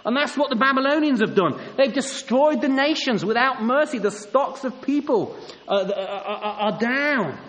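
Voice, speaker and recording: A man's voice: very high voice, lively intonation, moderate pace, a bit bright. Man preaching in a reverberant hall. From England. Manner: emphatic, rising to a raised voice on key points. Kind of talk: sermon. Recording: long hall reverb, faint ambience.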